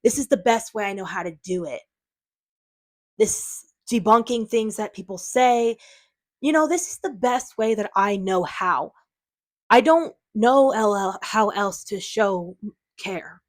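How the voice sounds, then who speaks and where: A woman's voice: mid-range voice, a little slow. A woman talking to her viewers in an unscripted vlog, defensive and frustrated, rambling with lots of fillers. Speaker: channel owner.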